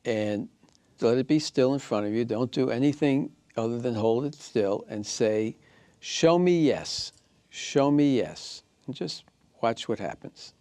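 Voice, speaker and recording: A man teaching a recorded class, walking listeners through steps calmly and checking in with "okay?" and "right?". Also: medium pitch, moderate pace, dry recording. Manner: calm step-by-step guidance, often checking in with "okay?" and "right?". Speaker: instructor.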